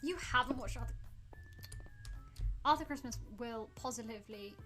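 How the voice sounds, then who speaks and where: Over background music, a woman chats with her audience during a gameplay livestream, feigning outrage to tease them playfully. She speaks at a normal speed with a fairly high pitch.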